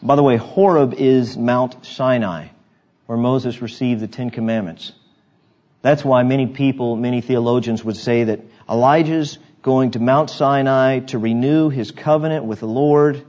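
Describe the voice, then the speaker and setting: A male pastor delivers a sermon from the pulpit, pressing his points with emphasis and breaking off for friendly asides to the congregation. His voice sits at an ordinary pitch for a man. The recording is a little dull and muffled. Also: a little slow, a little mellow.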